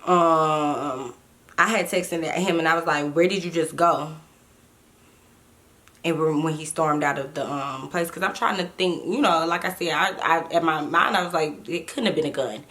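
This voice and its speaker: A young woman talks her viewers through a story in a relaxed, chatty way, with a voice sitting a little low for a woman. She repeats herself and stops to read old text messages aloud. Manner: chatty, repeats words, reads texts aloud. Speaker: vlogger telling a story. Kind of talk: casual storytime chat.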